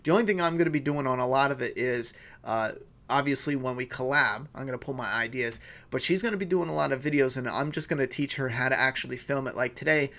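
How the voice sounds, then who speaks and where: Gravelly rambling male stream host. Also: medium pitch, fast talker. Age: adult father of a school-age child. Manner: rambling, thinks out loud, self-correcting. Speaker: host of a live weekly review show. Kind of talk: casual live-stream chat, reading viewer comments.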